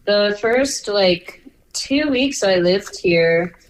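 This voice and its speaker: A young woman, a music student and songwriter, chats casually in a laid-back way, saying "like" a lot. Her medium-pitched voice is expressive but extremely slow, and the poor audio has no echo.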